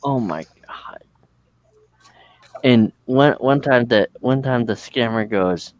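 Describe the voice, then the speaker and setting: A man's voice: mid-range voice, takes it slowly, long pauses, no room sound, highs cut off. A man from the United States chatting casually and rambling, swearing freely. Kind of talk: casual chat.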